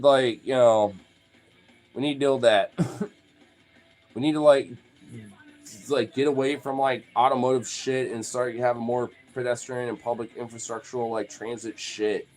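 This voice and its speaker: Brief: young male host, mid-pitched voice, loose profane storytelling over faint background music. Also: fairly even intonation, normal speed, a little mellow. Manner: rambling, profane, many "like" fillers. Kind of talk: casual storytelling.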